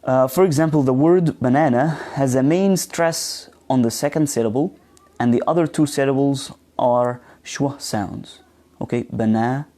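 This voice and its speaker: In a live online pronunciation class, a man with a mid-range, dark-toned voice teaches slowly and hesitantly. He fills his speech with fillers as he models words and puts questions to his students.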